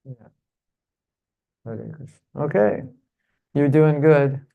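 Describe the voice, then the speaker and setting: A man with a very gravelly, creaky voice teaching a devotional seminar in a temple hall. He speaks in a fairly high register for a man, often poses rhetorical questions, and leads the audience in call-and-response. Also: slow, phone-quality sound. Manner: rhetorical, keeps asking "isn't it?".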